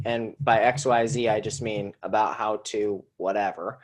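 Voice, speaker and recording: A man teaching a live online copywriting lesson, talking in a conversational, energetic way, restarting phrases and repeating himself as he explains. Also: lowish voice, moderate pace, hardly any pauses. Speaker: marketing teacher.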